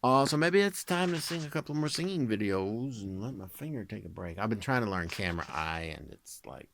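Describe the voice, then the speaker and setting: A man's voice: deep voice, a bit bright, a little hiss or hum. A man talking in a casual, rambling vlog, jokey and full of fillers. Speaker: vlogger and singer.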